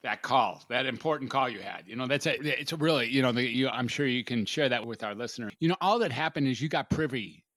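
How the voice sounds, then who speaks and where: A man hosting a podcast, talking in a thoughtful, halting way, often repeating words as he thinks. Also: medium pitch, expressive, fairly bright tone, no room sound. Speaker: podcast host, doctor. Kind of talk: casual interview chat.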